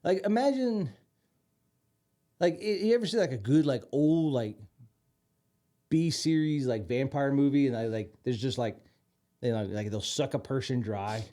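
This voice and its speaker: A man's voice: medium pitch, normal speed, long pauses, warm tone. Casual male podcast co-host, rambling storyteller, heavy fillers. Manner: rambling, many fillers and restarts.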